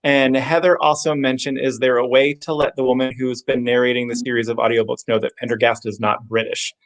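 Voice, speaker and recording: Brief: male event moderator, mid-pitched voice, relaxed delivery of audience questions. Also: a little fast, poor audio. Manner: plain, relaxed reading with fillers.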